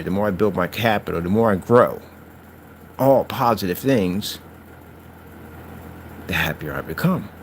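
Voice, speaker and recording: A man hosting his own channel, talking straight to his critics in a mocking, preachy rant. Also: a little hiss or hum. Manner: taunting, preachy, lively swings in pitch. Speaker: channel host. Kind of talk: ranting vlog talk to critics.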